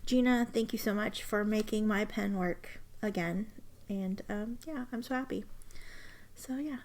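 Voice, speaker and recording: A young woman chatting happily about her fountain pen, gushing and often slipping into soft whispers. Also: medium pitch, fairly even intonation, normal speed. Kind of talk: casual chat while writing.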